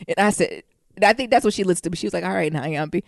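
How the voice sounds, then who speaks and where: A young adult woman co-hosting a podcast, telling profane stories in a casual, animated way and acting out quotes. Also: medium pitch, fast talker, gravelly, dry recording, clean studio sound. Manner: laughs often while talking. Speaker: podcast co-host. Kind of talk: casual storytelling chat.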